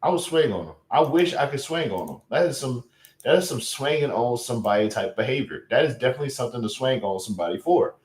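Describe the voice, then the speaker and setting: A man's voice: medium pitch, expressive, fast talker, echoey room. A young man hosting a livestream, chatting casually, incredulous and exclamatory, often repeating himself. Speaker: livestream host.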